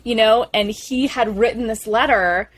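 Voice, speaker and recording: A young woman co-hosting a podcast, eagerly retelling film scenes in a gushing, animated way. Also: fairly high pitch, a little slow. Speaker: podcast co-host. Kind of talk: casual film discussion chat.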